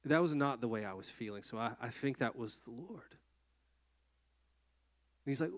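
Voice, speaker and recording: A man, a pastor, telling a personal story in a sermon in an earnest, reflective way with halting restarts. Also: medium pitch, expressive.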